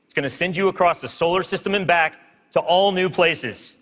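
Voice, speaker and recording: A man's voice: sits high, brisk, background noise. A man presenting on stage at a keynote, upbeat and hyping up a live audience. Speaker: game studio presenter. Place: stage in a large hall. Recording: long hall reverb from live stage.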